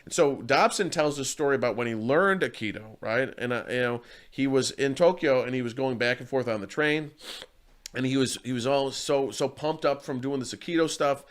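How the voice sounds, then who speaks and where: A man's voice: medium pitch, normal speed. A man talking in a casual interview as a martial arts coach. He tells stories earnestly and rambles, often restarting his sentences.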